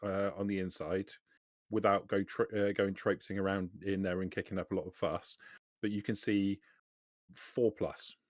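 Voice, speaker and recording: A man's voice: low voice, little pitch movement, moderate pace, a little mellow, no echo, studio quality. A man narrating as game master of a tabletop game, hesitant with many fillers.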